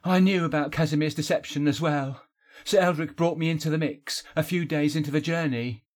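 A man's voice: a little high, steady tone, a little fast, voice pushed up, lightly acted. A man voicing a remorseful male companion in an audiobook, earnest and pleading. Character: remorseful young male traitor confessing. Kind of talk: audiobook character voice.

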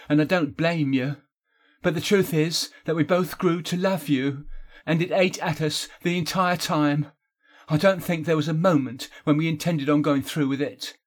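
Brief: man voicing a guilty, earnest fantasy hero, husky and a touch higher. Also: close to an everyday voice. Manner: pleading, earnest. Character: remorseful young male traitor confessing. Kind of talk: audiobook character voice.

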